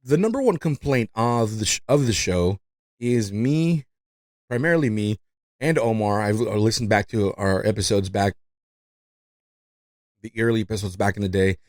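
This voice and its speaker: Man, low voice, second-language English speaker, podcast host, rambling, lots of fillers, dry close sound. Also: expressive, normal speed, pauses often, a little mellow, no echo. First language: not English. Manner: rambling, fillers, frequent "you know", laughs often. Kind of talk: casual podcast chat.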